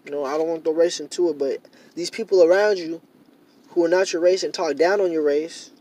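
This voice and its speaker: A man's voice: on the high side, a little fast, darkish tone. A young man in a casual monologue to camera, rambling and repeating himself with many fillers, growing heated and emphatic. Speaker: vlogger.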